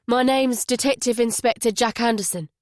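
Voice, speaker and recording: A woman reading a male detective inspector, firm and urgent but polite. The voice sits fairly high for a man and is recorded dry and close. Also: normal speed, no echo, natural voice. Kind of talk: audiobook character voice.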